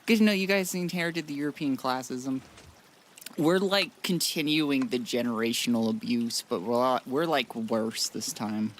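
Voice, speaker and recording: A man's voice: medium pitch, moderate pace, fairly bright tone, a little hiss or hum. A man streaming a modded game, chatting casually in a rambling, blunt way with frequent restarts. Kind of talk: casual live-stream chat.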